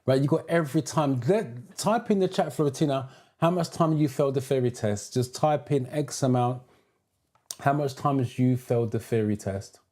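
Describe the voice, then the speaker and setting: Dark-voiced British man hosting a live stream. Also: medium pitch, moderate pace. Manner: reads out viewer comments and greets them by name. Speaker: driving theory instructor.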